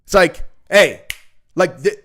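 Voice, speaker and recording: A man hosting a casual live reaction stream, talking bluntly and profanely in long rambling stretches full of fillers, and now and then shrieking in a high voice to act out kids and dogs. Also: animated, slow, bright, forceful tone. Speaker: podcast host.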